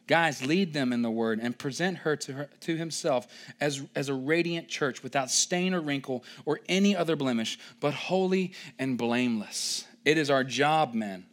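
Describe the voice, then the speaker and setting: A young adult male pastor preaching a sermon, emphatic and playful, building to loud excited stretches and tossing in joking mock voices. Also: medium pitch, moderate pace, hardly any pauses.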